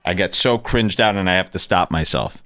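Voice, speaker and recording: A man hosting a podcast, giving animated, sarcastic commentary on a video clip. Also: low voice, brisk, no room sound. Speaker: podcast host.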